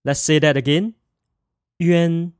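A man teaching a pronunciation lesson, modelling each sound slowly and carefully and asking the listener to repeat it. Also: fairly high pitch, no echo, clean studio sound. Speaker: language teacher.

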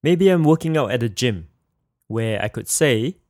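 A man's voice: medium pitch, lively intonation, normal speed, a little mellow, no echo, clean studio sound. A man teaching a language lesson in a careful scripted manner, saying each example phrase twice for practice.

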